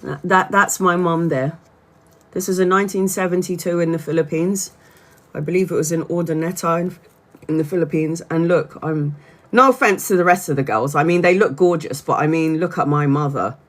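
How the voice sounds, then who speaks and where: A woman's voice: on the low side, a little fast. A woman from Brazil hosting a casual livestream. She talks chattily, laughs often and restarts her sentences. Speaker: tarot reader livestream host.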